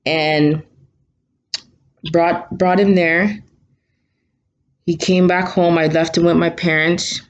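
A woman's voice: on the low side, steady tone, slow, pauses often, lo-fi sound. A woman telling a candid story in casual conversation, acting out the quotes as she goes. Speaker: mother and podcast co-host.

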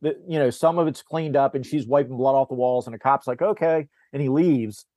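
A man in casual podcast chat, retelling a film's plot scene by scene and slipping into quick impressions of the characters. His speech is full of restarts and repeated words. The sound is dry and close, with no room behind him. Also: medium pitch, fairly even intonation, warm tone, no echo. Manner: rambling recap, acts out character lines, frequent restarts. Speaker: podcast host. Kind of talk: casual movie discussion.

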